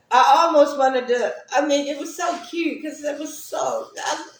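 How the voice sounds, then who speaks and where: A woman's voice: sits high, slow pace, reverberant. A woman hosting a livestream, talking casually and reflectively to her viewers and laughing often. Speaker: livestream host.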